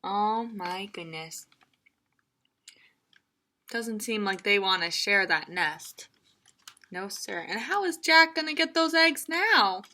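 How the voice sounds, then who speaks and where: A children's librarian reading a picture book aloud, playful and animated, with laughing asides. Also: female voice, medium pitch, slow, long pauses.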